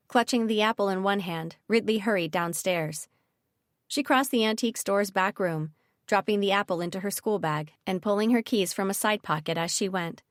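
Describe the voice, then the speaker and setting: A woman narrating a young-adult fantasy audiobook in a measured, even storytelling manner. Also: medium pitch, dry recording, studio quality. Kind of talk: scripted narration.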